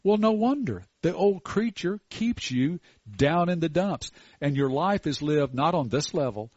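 An older man preaching a sermon in a folksy, storytelling way with animated asides. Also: fairly high pitch, a little slow, no echo, lo-fi sound.

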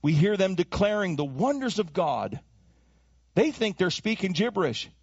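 A man preaching a sermon as pastor, animated, dropping into acted voices and to make his points. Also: high-pitched, breathy edge, dry recording. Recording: dull lo-fi dry recording.

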